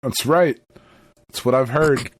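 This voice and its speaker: A man's voice: mid-range voice, slow, no room sound. A man co-hosting a podcast, telling a story in casual, profane chat and laughing often. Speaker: podcast co-host.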